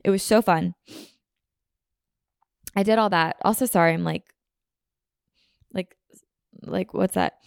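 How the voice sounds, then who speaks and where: Young American woman podcaster, chatty and rambling, vocal fry, dry close mic. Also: mid-range voice, slow pace, long pauses, no room sound. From Philadelphia suburbs, USA. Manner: rambling, heavy use of "like", clipped words. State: slightly sniffly, runny nose. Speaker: podcast host. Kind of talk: casual chat. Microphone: close mic, on video.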